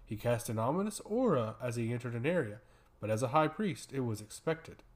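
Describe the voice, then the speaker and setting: Male narrator, animated storybook reading, mid-pitched voice with wide range. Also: a little fast.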